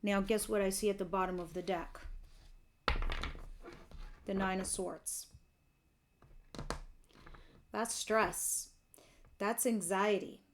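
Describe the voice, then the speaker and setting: A woman's voice: medium pitch, fairly even intonation, takes it slowly, pauses often, background noise. A woman giving a casual tarot reading, chatty and candid, who laughs easily and swears now and then. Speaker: tarot reader.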